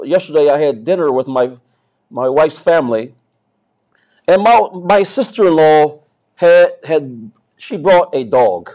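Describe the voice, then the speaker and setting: A man preaching a sermon as pastor, swinging from soft to loud and often repeating and restarting words. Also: on the high side.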